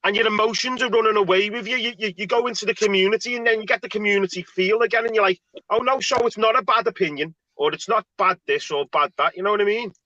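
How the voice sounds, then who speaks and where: A man's voice: high voice, fast talker, pushed and bright. A man in casual panel chat, rambling and slangy, often repeating himself. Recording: dull dry lo-fi audio.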